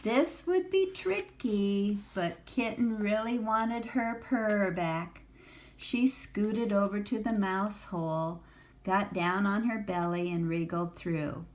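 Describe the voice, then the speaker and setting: Slow-reading gentle grandmother. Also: medium pitch. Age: older. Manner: gentle, engaging the listener with questions. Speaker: storyteller. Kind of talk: picture book read-aloud to a child.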